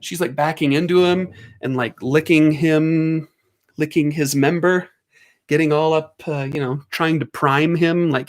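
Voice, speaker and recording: A man hosting a livestream, telling a casual story at home in an animated way, laughing and doing squeaky voices for his dogs. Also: unhurried. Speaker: livestream host.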